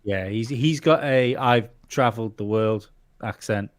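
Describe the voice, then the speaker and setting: A man joins a casual live discussion, speaking in a measured, skeptical way. His pitch is ordinary. The recording is dry and close. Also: no room sound.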